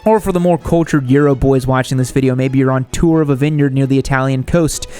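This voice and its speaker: A man's voice: medium pitch, quick pace, clear, resonant tone, faint music behind. Man hosting a jokey motorcycle vlog. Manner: deadpan jokey delivery with sudden animated outbursts. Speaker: motorcycle channel host. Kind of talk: comedic scripted narration.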